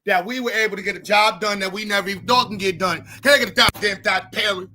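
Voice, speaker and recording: A man voicing a mocking country white man who slows his words and calls out like a preacher at a rally. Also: sits high, steady tone, pushed and bright, a little hiss or hum. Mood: preachy. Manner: drawn-out preacher-style rally cries.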